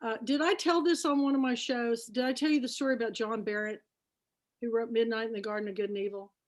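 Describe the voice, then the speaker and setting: A middle-aged woman hosting an online book club, telling anecdotes in an animated way and laughing often. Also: a little high, fast talker. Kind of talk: casual storytelling on an online show.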